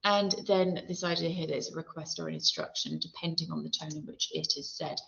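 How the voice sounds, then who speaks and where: A woman English literature teacher talking through a poem in a recorded lesson, thoughtful and explanatory, with many pauses and ums. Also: sits low, vocal fry, fairly bright tone. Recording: roomy, dull lo-fi sound.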